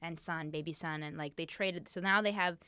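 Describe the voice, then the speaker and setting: A woman co-hosting a podcast, casually telling a dark history story, swearing and laughing along the way. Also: deep voice, steady tone, brisk, clear, resonant tone, no echo.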